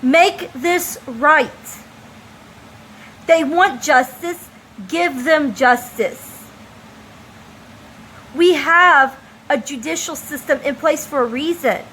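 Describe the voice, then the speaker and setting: A woman's voice: high-pitched, fairly bright tone, slight background noise, rough recording. A woman from the United States speaking an emphatic, impassioned opinion monologue as a vlogger. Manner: impassioned, emphatic, slow deliberate delivery.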